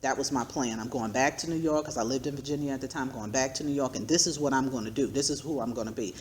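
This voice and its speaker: A middle-aged woman giving an earnest personal testimony to a women's group, preacherly and quick to laugh. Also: extremely low pitch, darkish tone, slight background noise. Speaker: guest speaker.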